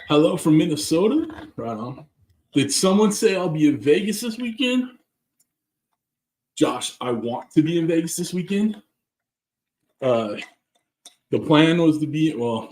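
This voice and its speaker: A man's voice: fairly high pitch, sing-song, a little slow, pauses often, darkish tone, reverberant, a little hiss or hum. A man with a Southern California accent hosting a casual live cooking stream, chatting loosely and greeting viewers by name. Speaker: cooking channel host. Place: backyard, outdoors.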